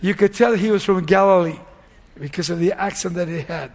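A pastor delivering a sermon in a notably high male voice. He retells scripture with animated storytelling and acts out the scenes before sinking into a hushed prayer. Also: fairly quick.

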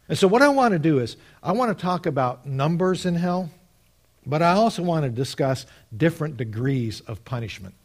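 A man preaching a sermon, arguing step by step and quoting scripture, swinging between quiet asides and loud emphatic points. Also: on the high side, animated, moderate pace. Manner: argues step by step, quotes scripture.

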